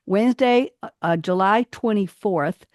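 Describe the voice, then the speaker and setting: A woman hosting a radio talk show, chatting casually and reading her own poems aloud, her pitch climbing on emphatic phrases. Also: a little slow, darkish tone, no echo, clean studio sound. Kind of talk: casual chat and poetry reading.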